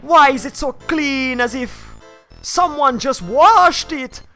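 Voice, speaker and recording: Grand spirit medium in a put-on Jamaican accent, voiced by a streamer, higher and louder than his own talk, slow and mystical. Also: lively intonation, soft background music, exaggerated voice. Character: theatrical fortune-teller spirit woman.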